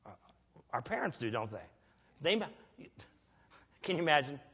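A man's voice: fairly high pitch, sing-song, normal speed, a bit bright, husky. A man preaching a sermon in a conversational way, asking the audience questions and acting out grumbling prayers. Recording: long reverb, dull lo-fi sound.

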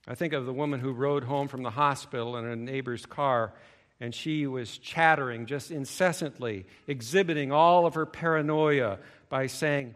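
A male preacher giving a sermon, emphatic, swinging between loud stressed phrases and low asides. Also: moderate pace.

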